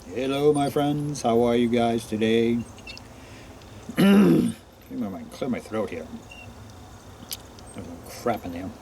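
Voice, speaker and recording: A man vlogging outdoors in a forest, greeting unseen listeners one by one and answering for them in a quieter voice. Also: mid-range voice, expressive, slow pace, pauses often, a little hiss or hum. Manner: greets each name, then answers himself in a quieter voice. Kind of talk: casual talk to unseen listeners.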